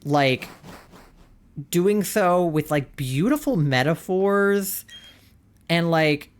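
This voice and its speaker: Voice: medium pitch, drawn-out words, smooth. A streamer chatting casually and earnestly, rambling and saying "like" constantly. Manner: earnest and gushing. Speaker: livestreamer. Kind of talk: casual chat.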